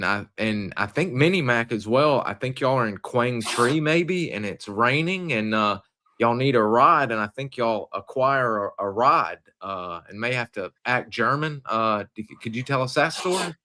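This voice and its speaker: A man hosts a casual interview, talking in a folksy, halting way. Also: fairly low pitch, pushed and bright. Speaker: podcast host.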